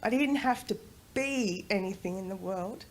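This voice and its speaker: A woman giving a talk at a conference, lively and slowing down to stress key phrases. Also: medium pitch. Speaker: conference speaker. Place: conference stage.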